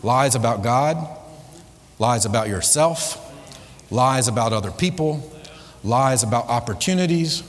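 Male motivational speaker, mid-pitched, emphatic and repetitive, quizzing a live crowd in a reverberant hall. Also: expressive, a little slow, pauses often. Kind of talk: live motivational seminar talk with spiritual themes. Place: large hall before a live audience. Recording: echoey hall with long reverb.

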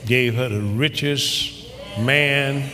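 A man preaching a sermon with fervor, reading scripture and building up to shouted, rising climaxes. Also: medium pitch, drawn-out words. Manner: fervent, building to shouting crescendos. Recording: long hall reverb.

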